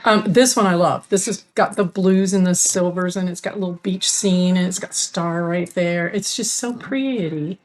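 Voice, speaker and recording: A woman's voice: lowish voice, moderate pace, hardly any pauses. A woman co-hosting a cross-stitch video podcast, chatting casually with dry sarcasm. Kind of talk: casual chat.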